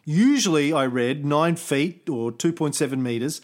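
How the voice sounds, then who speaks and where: Irreverent man telling history with a lively voice. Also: fairly high pitch, moderate pace. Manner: irreverent, swearing, wry asides. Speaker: podcast host. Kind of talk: comedic history storytelling.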